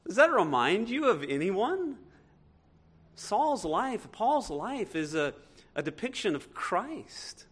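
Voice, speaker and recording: A male pastor with a high-sitting, fairly bright voice preaches a sermon. He reads scripture aloud and puts rhetorical questions to the congregation with emphatic delivery.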